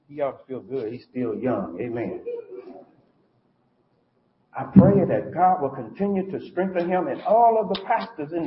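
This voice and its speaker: A man's voice: mid-range voice, slight background noise. Emphatic preacher man, echoey church. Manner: emphatic call-and-response preaching, repeats phrases. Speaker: guest preacher. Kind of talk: sermon and closing prayer. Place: church sanctuary. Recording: echoey church, muffled sound.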